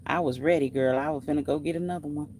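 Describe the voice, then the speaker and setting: A woman's voice: low voice, steady tone, fast talker, a little mellow, slight background noise. Chatty woman, distant outdoor mic. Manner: chatty, laughs often, folksy drawl. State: hot and sweaty. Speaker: craft channel host. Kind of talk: casual livestream chat reading comments. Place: outdoors in summer heat.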